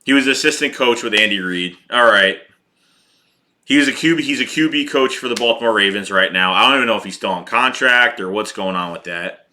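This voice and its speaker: Heated male fan host, profane, repetitive, sharp and forceful tone. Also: on the low side, fairly quick. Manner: heated, profane, repeats himself. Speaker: sports podcast host reading chat. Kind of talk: casual fan rant.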